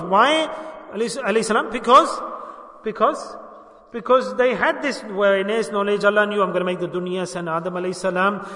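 High, bright-voiced male preacher in an echoey hall. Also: far from the mic. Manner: asks the audience questions and answers them himself, urges them to say it loudly. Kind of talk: religious sermon with call-and-response.

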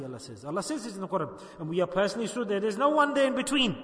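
A man's voice: high voice, expressive, racing, hardly any pauses, fairly bright tone. A man preaching a sermon in a mosque, exhorting and pleading with his listeners in repeated phrases. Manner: impassioned, pleading, repetitive exhortation. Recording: distant echoey hall recording.

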